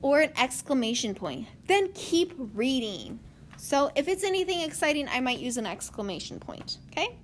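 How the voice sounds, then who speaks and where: High-voiced woman teaching a writing lesson. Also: sing-song, normal speed, a little hiss or hum. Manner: explains step by step, often adds okay.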